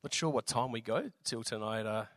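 A man with an Australian accent and a slightly raspy voice, preaching a sermon in a relaxed, jokey way with lots of fillers. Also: medium pitch, brisk, no room sound. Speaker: visiting preacher.

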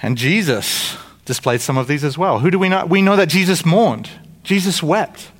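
Male pastor, slightly higher voice, informal conversational preaching with asides and humor. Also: normal speed. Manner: jokes with the congregation. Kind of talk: sermon.

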